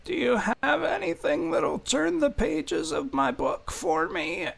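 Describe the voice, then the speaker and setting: A man's voice: very high voice, huge pitch swings, slow, gravelly, fairly bright tone, voice pushed up, heavily acted. A man voicing a nosy, clumsy half-elf customer who mutters and complains. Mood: grumbling.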